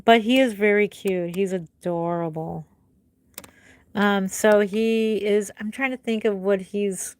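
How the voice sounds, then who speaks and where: A middle-aged woman who makes reborn dolls, chatting casually with viewers on a live stream from home and answering their comments one by one. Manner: chatty, answers viewers one by one, drifts soft and low at the ends of thoughts. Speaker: reborn doll artist hosting a live stream.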